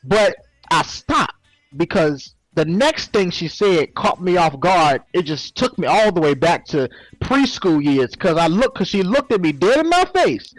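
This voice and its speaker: A man in his twenties co-hosting a talk show, telling a story in animated, slangy, swearing casual talk. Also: high voice, measured pace, dry recording, rough recording. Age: 20s. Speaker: co-host. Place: Second Life voice chat.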